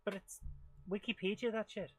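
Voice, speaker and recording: A British man hosts a live retro gaming stream in a high-sitting voice at normal speed, chatting and mocking himself as he plays. He makes beeping car noises and gets excitable during the gameplay commentary.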